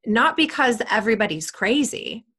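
Animated woman explaining parenting and sports. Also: normal speed, breathy edge. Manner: animated, acts out parents' voices in higher tones. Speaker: guest, sports psychology expert. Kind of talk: conversational interview answers.

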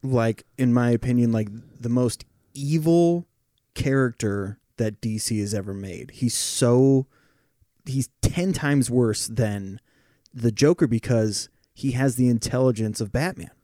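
Man, mid-pitch podcast co-host, eager explainer, curses, dry close-miked sound. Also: measured pace, dark tone, no echo. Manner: eager, explains at length, swears. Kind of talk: casual chat.

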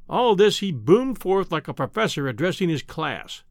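Lively, expressive male audiobook narrator. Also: sits high, moderate pace, few pauses, no room sound, clean studio sound. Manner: expressive, theatrical reading. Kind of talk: scripted narration.

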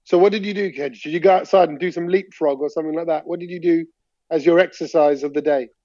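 A high-voiced man chats casually on a podcast, spinning animated, slangy stories from home. His voice comes through a dry, somewhat muffled phone mic on a video call. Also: fast talker, dry recording. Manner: animated storyteller, slangy, laughs while talking. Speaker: podcast co-host. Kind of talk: casual chat. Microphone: talking into a phone over a video chat.

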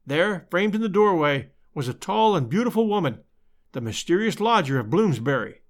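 A man reading a classic detective story aloud in an expressive, dramatic storytelling manner. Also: high voice, normal speed. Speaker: narrator.

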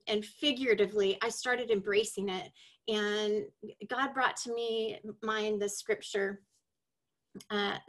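A woman's voice: fairly high pitch, a bit bright. Earnest woman sharing her faith. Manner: earnest, confessional. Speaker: podcast host. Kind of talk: personal faith testimony podcast.

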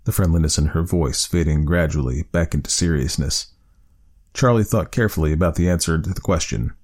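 Deep-voiced male audiobook narrator. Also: brisk, a little mellow.

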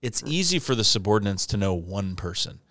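A man's voice: on the low side, fairly quick, no room sound, clean studio sound. A man co-hosting a podcast, chatting casually and acting out the people in a story he tells. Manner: animated storyteller, acts out quotes. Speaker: podcast co-host. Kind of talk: casual chat.

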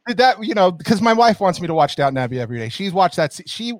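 A man's voice: high-pitched, sing-song, fast, a crowd in the background. A man co-hosting a podcast in casual chat, rambling with many restarts and fillers. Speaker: podcast co-host.

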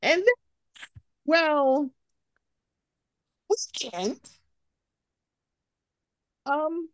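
Animated young woman podcast host. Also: very slow, a little hiss or hum. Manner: animated, swings into high excited voices when quoting herself. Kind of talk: casual chat.

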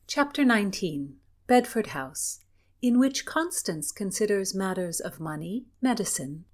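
A woman co-hosting a podcast and reading a historical story aloud in clear, measured narration. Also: lowish voice. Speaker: podcast co-host and reader.

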